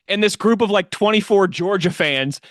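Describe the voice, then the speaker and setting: A man co-hosting a casual sports podcast, telling lively stories and mimicking the people in them. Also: high-pitched, moderate pace, no echo, clean studio sound. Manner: animated storyteller, mimics others' voices. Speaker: podcast co-host.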